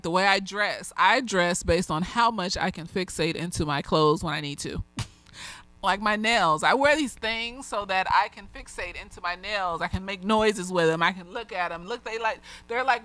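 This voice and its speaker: A woman's voice: medium pitch, normal speed, fairly bright tone. A woman who is a therapist, slightly tipsy, talking bluntly and with lots of swearing in a casual video review, swinging between ranting and gushing.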